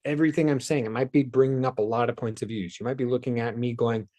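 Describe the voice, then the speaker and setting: A man hosts a spiritual self-help talk in a mellow, warm voice. His delivery is loose and rambling, drifting into soft asides and sighs. His pitch sits in a middle range. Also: steady tone, fast, few pauses. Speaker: host.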